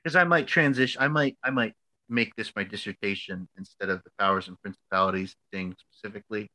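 An American man in his thirties, a podcast co-host, telling a story casually with lots of fillers and lively quoted voices. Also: lowish voice, brisk, no room sound. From United States. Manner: animated, filler-heavy storytelling.

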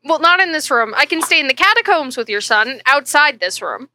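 A young woman running a tabletop game as game master, animated and laughing often. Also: high voice, fairly quick.

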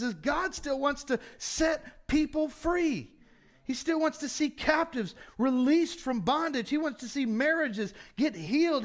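Very high-voiced male pastor preaching. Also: a bit bright. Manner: conversational, rhetorical questions, humorous asides. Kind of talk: sermon.

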